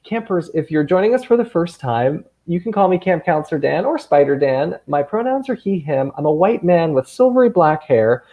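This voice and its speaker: A man hosting a kids' camp video call from his room at home, gushing and excitable. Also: fairly high pitch, normal speed, few pauses, narrow, tinny audio. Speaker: guest host, camp counselor.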